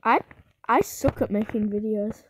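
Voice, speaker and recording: A woman chatting casually with a friend while playing an online game for her video, excitable and giggly, with sudden shrieks. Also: mid-range voice, moderate pace, noisy background. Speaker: gaming video creator. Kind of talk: casual gameplay chat with a friend.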